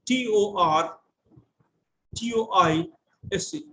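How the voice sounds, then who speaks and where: Indian English male lecturer, higher voice, patient explainer, faint background noise. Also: takes it slowly, sharp tone, rough recording. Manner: explanatory, spells words out letter by letter. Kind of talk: online lecture to students.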